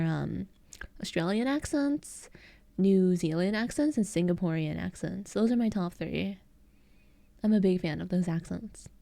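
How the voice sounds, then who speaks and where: A woman's voice: mid-range voice, warm tone, no echo. An American woman with an Eastern American accent, chatting casually with her live chat as a streamer and giggling often. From United States.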